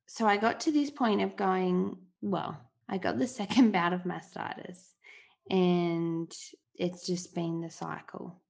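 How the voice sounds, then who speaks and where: A woman in her thirties hosting a solo podcast, talking candidly and from the heart in a relaxed, conversational way. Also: fairly low pitch, slow, gravelly. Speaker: podcast host.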